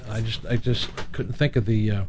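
A man interviewing a guest, halting and searching for his words. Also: on the low side, fairly even intonation, background noise. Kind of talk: casual interview.

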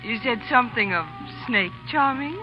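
A woman's voice: fairly high pitch, animated, moderate pace, sharp tone, soft background music, low-quality recording. An actress playing a seductive, calculating Russian woman spy, in 1940s radio acting style. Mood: coy.

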